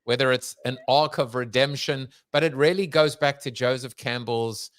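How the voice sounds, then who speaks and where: At a moderate pace, a podcast host with a Long Island accent speaks in a mid-range, slightly bright voice with no echo. His interview is a casual chat full of jokes, rambling tangents, and frequent laughter.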